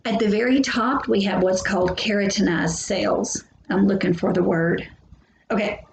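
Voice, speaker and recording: A woman's voice: mid-range voice, steady tone, normal speed, gravelly. A woman teaching a biology lesson in a chatty, joking way, talking straight to her students. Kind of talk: recorded lecture. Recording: echoey room, faint hum.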